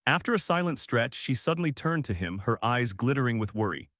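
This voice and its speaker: A man's voice: mid-range voice, sing-song, brisk, a bit bright, no echo, studio quality. A man narrating a comic story recap in a scripted storytelling manner.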